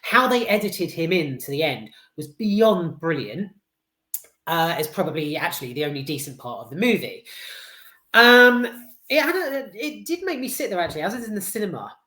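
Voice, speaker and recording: A woman's voice: on the low side, very animated, moderate pace, a bit bright, reverberant. A British woman giving a casual, blunt film review, full of swearing, restarts and fillers.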